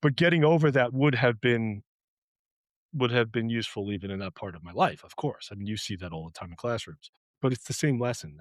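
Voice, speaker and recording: A man's voice: mid-range voice, brisk, no echo. Candid man with a Long Island accent. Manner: candid, self-deprecating, frequent restarts. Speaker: guest, writer. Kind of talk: reflective interview conversation.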